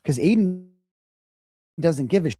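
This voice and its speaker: A man's voice: on the high side, animated, a little slow, warm tone, breathy edge, no echo, studio quality. A man co-hosting a livestream who makes sarcastic comments and mocks people by imitating them. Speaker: livestream co-host. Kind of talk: casual commentary.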